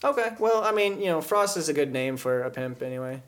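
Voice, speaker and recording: A man's voice: fairly high pitch, lively intonation, brisk. A man co-hosting a podcast, joking through casual comedic banter. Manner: joking, loud laughter, rambling bits. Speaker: podcast co-host.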